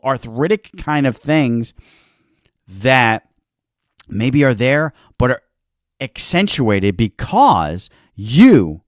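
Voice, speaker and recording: A man's voice: medium pitch, no echo, clean studio sound. A man hosting a health talk show, giving an earnest motivational talk and acting out little quoted exchanges.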